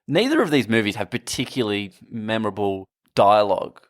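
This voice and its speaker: A man co-hosting a casual film podcast, blunt, sweary and excitable. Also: lowish voice, brisk, dry recording, clean studio sound. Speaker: podcast co-host. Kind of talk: casual chat.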